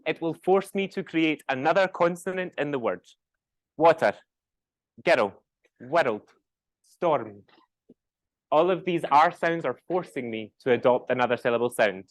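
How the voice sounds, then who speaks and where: A man with a West Coast Scottish accent lectures a class, his voice sitting a little higher than most men's. He checks in with his listeners through quick tag questions and says example words aloud to show how they sound. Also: a bit bright. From west coast of Scotland.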